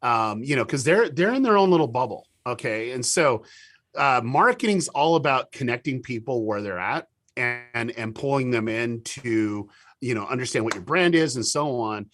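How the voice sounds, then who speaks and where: A man of middling pitch chats as an interview guest. He spins anecdotes eagerly, stumbles over restarts and acts out what other people said. The sound is dry and close, with no room echo. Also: normal speed. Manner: animated storyteller with many restarts and quoted dialogue. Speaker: guest, TV show producer. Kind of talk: casual interview talk.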